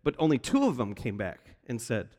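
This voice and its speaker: A man's voice: mid-range voice, wildly swooping pitch, normal speed, a little mellow. A male pastor giving a sermon in a church, telling the story with animation and acting out the quoted voices. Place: church sanctuary. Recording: long reverb of a large hall.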